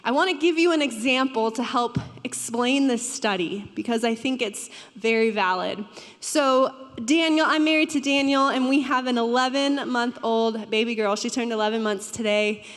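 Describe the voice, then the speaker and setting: A woman's voice: fairly high pitch, moderate pace. Conversational young woman pastor preaching. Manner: conversational, asks the audience questions. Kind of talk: sermon. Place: church hall. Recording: long hall reverb.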